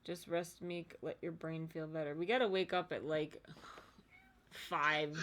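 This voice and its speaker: Drawing on a livestream from home, a woman co-hosting the stream chats casually and laughs often. Her voice is deep with a fairly bright tone, and she speaks unhurriedly with fairly even intonation.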